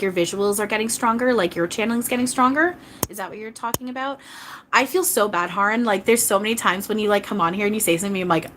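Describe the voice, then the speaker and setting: A woman channeler giving live readings chats on a stream in a medium-pitched, pushed, bright voice, with a little hiss or hum behind her. She's earnest and rambling, restarting often and frequently apologizing to viewers.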